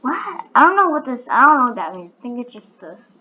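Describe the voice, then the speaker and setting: A woman giving excitable, giggly commentary over her own gameplay, full of sudden exclamations. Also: high-pitched, a little fast, muffled recording, slight background noise. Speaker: gaming channel host.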